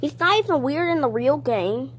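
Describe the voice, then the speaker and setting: A woman's voice: sits high, lively intonation, normal speed, a little hiss or hum. A woman talking casually and playfully, with hesitant fillers, while playing with toys and switching between voices. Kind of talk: casual toy play with voices.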